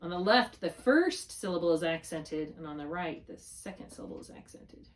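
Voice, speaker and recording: A woman's voice: on the low side, expressive, normal speed. A middle-aged woman tutoring a student in spelling, patient and encouraging, drawing out syllables to model them. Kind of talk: one-on-one spelling lesson.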